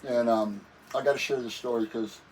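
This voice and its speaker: Man, casual rambling storyteller, mid pitch, a little distant from the mic, faint background noise. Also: fairly even intonation, fairly quick. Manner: rambling, laid-back, peppers speech with "man". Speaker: guest musician.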